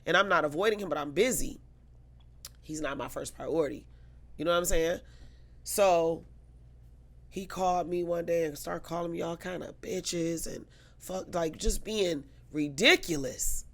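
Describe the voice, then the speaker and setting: Woman guest w a gravelly voice, telling a wild story, swears a lot, acts out everybody. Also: fairly low pitch, measured pace. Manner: animated, profane, acts out quotes. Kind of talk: casual storytelling.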